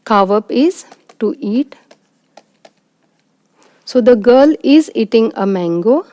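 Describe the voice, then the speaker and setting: A woman's voice: on the high side, expressive, takes it slowly, mellow, dry recording. A woman lecturer, giving a recorded lecture and explaining each point step by step with examples. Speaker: university lecturer.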